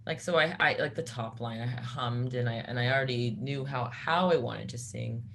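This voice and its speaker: A woman who sings in a metal band, speaking in a casual interview and telling a personal story haltingly, with many restarts. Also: extremely low pitch, gravelly, fairly bright tone, a little hiss or hum.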